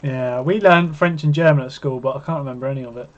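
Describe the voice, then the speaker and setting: A man's voice: mid-range voice, fast. A man co-hosting a darts watch-along, joking casually and calling scores as they land. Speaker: co-host and darts commentator. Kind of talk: casual chat with live darts calls. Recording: dull lo-fi stream audio.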